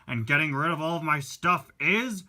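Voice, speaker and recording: A man's voice: lively intonation, moderate pace, bright, forceful tone, full character voice. A man voicing a preachy, peace-loving male hippie van in a toy-car play story, lecturing in a raised voice. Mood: defiant. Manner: high, preachy, sing-song lecturing.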